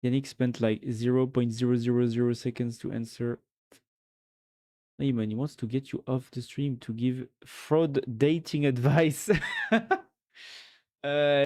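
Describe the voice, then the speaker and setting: Man, French accent, live streamer, chatty, rambling, giggly, casual talk. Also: mid-range voice. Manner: chatty, reads chat aloud and thanks followers.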